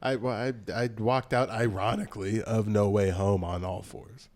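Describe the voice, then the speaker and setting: A man's voice: fairly low pitch, steady tone, normal speed, darkish tone. A young man co-hosting a podcast, rambling through jokey stories and slipping into mock voices. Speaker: podcast co-host. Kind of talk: casual chat.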